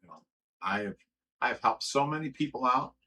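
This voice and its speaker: A man's voice: medium pitch, animated, moderate pace, bright, forceful tone, rough recording. A middle-aged man hosting a livestream, reading viewer comments aloud and going on an aggrieved, profane rant, often stumbling and repeating words. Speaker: livestream host.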